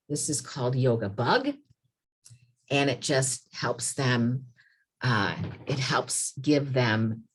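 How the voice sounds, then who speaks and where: A middle-aged woman and former preschool teacher talking volunteers through calming activities and reading picture books aloud in a sing-song voice. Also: a bass voice, breathy edge.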